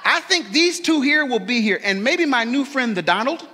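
High-pitched, bright-voiced impassioned male preacher. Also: lively intonation, moderate pace, a little hiss or hum. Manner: impassioned, swings from hushed to shouting. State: tearful. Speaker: pastor. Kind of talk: emotional sermon. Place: fellowship hall. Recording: long echo of a hall.

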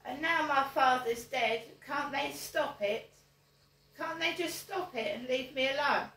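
Slow, emphatic older woman. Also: high-pitched, fairly bright tone, echoey room, rough recording. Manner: emphatic, repeats her points as rhetorical questions. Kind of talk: direct-to-camera monologue.

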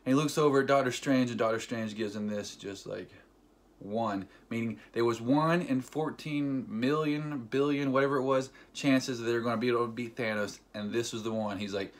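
A man vlogging a casual, excited movie recap, rambling with fillers and acting scenes out with sound effects like "boom" and "ding.". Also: moderate pace. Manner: animated storyteller with sound effects; loose, rambling, filler-heavy delivery.

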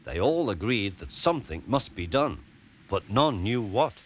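Expressive male storybook narrator. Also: fairly low pitch, a little slow, slight background noise.

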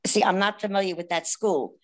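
A woman's voice: medium pitch, a little fast. A woman attending an online lecture who asks direct, insistent questions over a video call.

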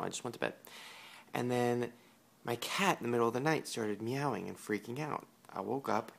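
A man vlogging to camera, telling a personal story in an animated, casual way with plenty of swearing. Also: lowish voice, vocal fry. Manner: animated, profane, laughing storyteller.

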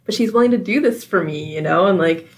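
A woman's voice: on the low side, quick pace, a little hiss or hum. A young woman co-hosting a podcast, talking casually about a film with lots of "like" and "you know". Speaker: podcast co-host. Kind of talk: casual chat about films.

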